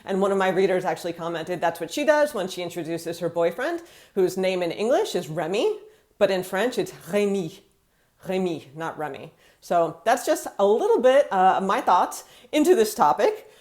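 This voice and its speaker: An American woman living in France, talking casually to camera and acting out quotes in a chatty, animated way. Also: medium pitch, a little fast. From United States.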